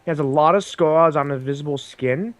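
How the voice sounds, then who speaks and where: A man narrating as game master of a tabletop role-play game, with many pauses and restarts. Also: on the high side, no echo. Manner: halting, with many ums and restarts.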